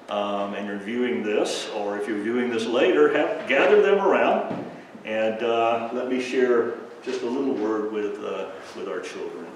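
A man, a pastor, giving a children's message during a church service, chuckling often and pausing with lots of fillers. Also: on the low side, a little hiss or hum. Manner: chuckling, halting, full of fillers. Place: church sanctuary. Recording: echoey church from a distant mic.

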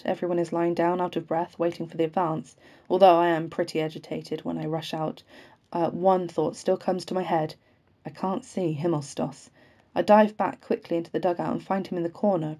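A woman reads a novel aloud in a low, mellow voice. Her reading is steady and unpolished, with occasional slips and quick restarts left in. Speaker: audiobook reader.

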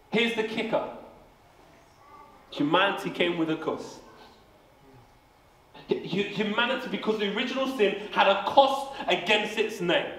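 High, lively young man preaching. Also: a little hiss or hum. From England. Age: 20s. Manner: energetic, jokey asides, repeats words when starting sentences. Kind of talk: family service sermon. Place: church hall. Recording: echoey hall, faint ambience.

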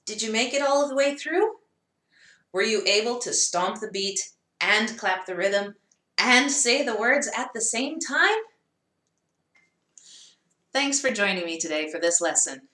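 A woman's voice: mid-range voice, animated, unhurried, sharp tone, reverberant. A woman teaching a music lesson for children, encouraging and chanting the song rhythmically.

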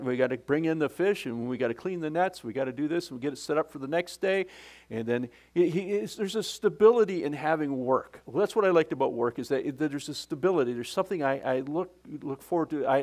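A man's voice: a little high, animated, fast talker, a little mellow. A middle-aged male pastor preaching a sermon in a conversational, folksy way, often restarting his sentences.

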